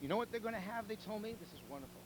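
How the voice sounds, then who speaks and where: A man's voice: high-pitched, expressive, racing, background noise. A man hosting a telethon, rambling through jokes and appeals with repeated words and chuckles. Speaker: telethon host. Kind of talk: casual joke-telling and fundraising appeal.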